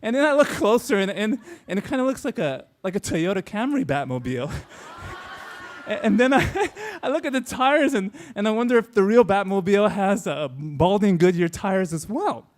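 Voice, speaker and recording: A man's voice: sits high, very animated, moderate pace. A man of Mexican heritage telling a funny childhood story on stage, chatty, full of "like" fillers and restarts. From Mexican-American.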